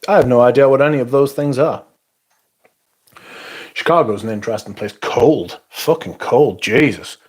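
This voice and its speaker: A man hosts a casual livestream, working through viewer comments as they come in. His voice sits at an everyday middle pitch. He answers with a blunt, sardonic edge and swears freely. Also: normal speed, pauses often, slightly rough. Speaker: livestream host.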